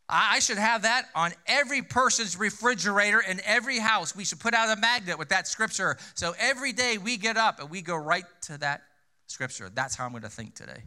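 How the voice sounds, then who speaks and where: A man's voice: sits high, animated, a little fast, sharp tone. A male pastor preaching a sermon in a conversational way, asking rhetorical questions and repeating key phrases for emphasis.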